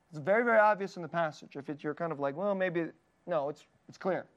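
Male pastor, high voice, earnest sermon delivery, warm laughs, gentle quiet dips. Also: quick pace, lo-fi sound. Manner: earnest, tender preaching with frequent laughs and soft dips.

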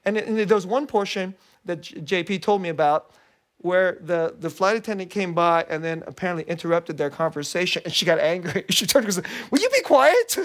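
Animated conversational pastor preaching. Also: medium pitch, a little fast. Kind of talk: sermon with storytelling.

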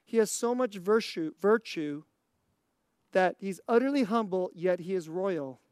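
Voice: medium pitch, expressive, a little slow, darkish tone, clear, resonant tone, no echo, studio quality. A preacher giving a sermon, asking the listeners rhetorical questions and laughing between points.

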